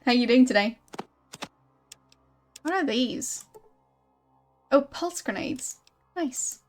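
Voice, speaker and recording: A young woman streaming a game, chatting in a relaxed way and greeting viewers. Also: high voice, takes it slowly, soft background music.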